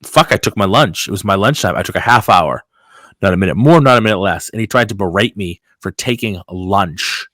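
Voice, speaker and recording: Low-voiced man telling a rambling story. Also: fairly quick, no echo. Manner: animated storytelling with heavy filler and swearing. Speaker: podcast host. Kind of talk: casual chat, telling a story.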